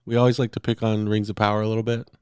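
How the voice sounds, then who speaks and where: A man's voice: on the low side, flat delivery, racing, darkish tone, clean tone, dry recording. Chatty podcast man, dry close sound. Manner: chatty, reads passages aloud, frequent fillers and restarts. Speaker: podcast co-host. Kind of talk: casual chat.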